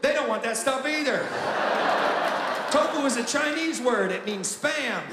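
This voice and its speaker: Man, stand-up comic, animated and loud on the jokes; high voice, live room with heavy reverb. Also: measured pace, heavy background noise. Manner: animated, shouting punchlines. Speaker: stand-up comedian. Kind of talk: stand-up routine. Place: large theater stage with live audience. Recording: echoey hall, loud crowd laughter.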